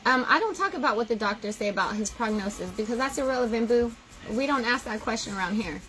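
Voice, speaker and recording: A young woman chatting straight to her viewers in a high, bright voice, animated and full of feeling, often gushing. A faint hiss of noise sits underneath her voice. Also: quick pace, low-quality recording. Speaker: vlogger. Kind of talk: casual chat to viewers.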